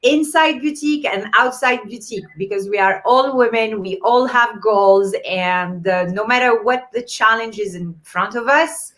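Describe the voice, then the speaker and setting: A woman's voice: fairly high pitch, normal speed, few pauses. Woman host with a non-native accent. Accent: non-native English. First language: not English. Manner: warm encouraging, reads viewer comments aloud with fillers. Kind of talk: live-streamed event chat.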